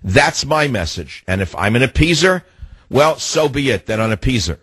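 A man's voice: medium pitch, animated, normal speed, fairly bright tone, breathy edge, dry recording. A man hosting a talk radio show, ranting in a scornful, combative way and cutting callers off. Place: radio studio.

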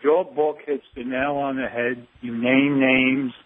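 A man's voice: medium pitch, level tone, measured pace. A man calling a radio show, full of earnest, rambling praise. His voice sits mid-range and comes through a thin, tinny phone line. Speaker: caller. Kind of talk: phone-in call. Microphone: telephone.

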